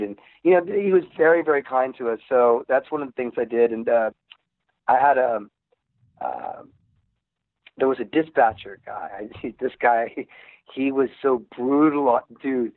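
A man's voice: mid-range voice, normal speed, no echo. Musician guy rambling thru old stories, lots of restarts, sounds like a phone call. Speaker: musician guest. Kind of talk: casual interview storytelling. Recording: tinny phone line.

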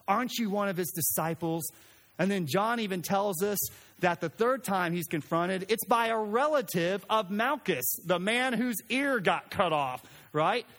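A man's voice: sits high, lively intonation, measured pace, a bit bright. A pastor with a slightly raised voice preaches with animation. He acts out quoted speech and at times stumbles and restarts mid-sentence. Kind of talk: sermon.

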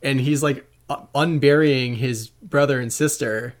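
A man's voice: medium pitch, steady tone, a little slow. A man co-hosting a podcast in casual chat, talking loosely and swearing now and then. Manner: loose, cursing, reflective. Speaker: podcast co-host.

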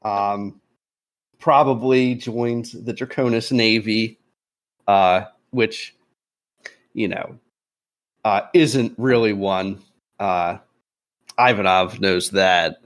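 A man running a tabletop role-playing game as game master, narrating in a relaxed way with frequent pauses and chuckles. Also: on the low side. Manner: relaxed, chuckling, hesitant fillers.

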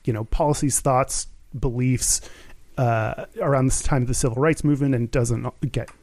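A man's voice: mid-range voice, fairly even intonation, normal speed, a little mellow, dry recording. A man co-hosting a podcast in casual chat, rambling with lots of fillers and frequent laughter. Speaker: podcast co-host.

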